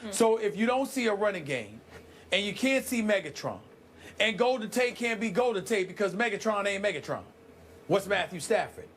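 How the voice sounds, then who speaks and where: Emphatic high-voiced man debating sports. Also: big pitch swings, fairly bright tone, a little hiss or hum. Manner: emphatic, drawn-out dramatic delivery.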